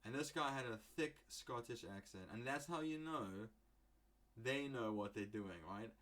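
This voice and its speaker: A man's voice: medium pitch, animated, a little slow, a bit bright. A young man from England rambling through a casual solo podcast, joking and swearing freely as he goes. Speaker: podcast host.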